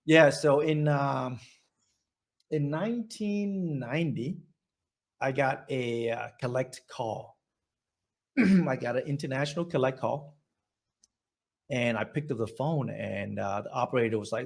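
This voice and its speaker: A man from Vietnam, telling a personal story in an oral history interview, halting and repeating his words, with laughs between his thoughts. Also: mid-range voice, gravelly.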